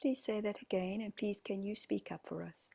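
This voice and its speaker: A woman with a New Zealand accent leading a channeled group session, speaking slowly and formally as "we". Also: medium pitch, steady tone, vocal fry. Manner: slow, soft, formal speech speaking as "we".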